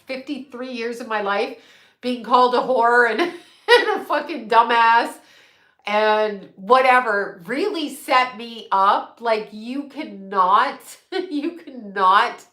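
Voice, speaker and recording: A woman's voice: on the high side, slow pace, pushed and bright, reverberant. A middle-aged woman, a psychic medium, chatting casually and bluntly, swearing freely and laughing often. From United States. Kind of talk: casual livestream chat.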